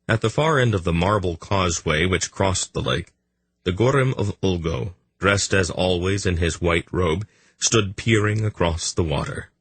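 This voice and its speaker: A man reading a fantasy audiobook in a measured, even storytelling manner. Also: sits low, breathy edge, no echo. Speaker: audiobook narrator. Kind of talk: scripted fantasy narration.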